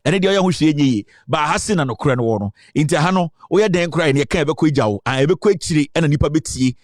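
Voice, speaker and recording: A man's voice: fairly high pitch, lively intonation, a little fast, dry recording, clean studio sound. A Ghanaian man hosting a live political talk stream, boastful and rambling, switching between Twi and English. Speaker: online show host.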